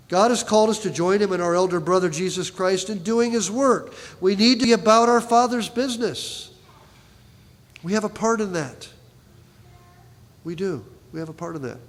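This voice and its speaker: High-voiced preacher in a reverberant church. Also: male voice. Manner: conversational preaching with frequent "right?" asides to the congregation. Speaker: pastor. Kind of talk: sermon. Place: church sanctuary. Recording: long reverb of a large hall.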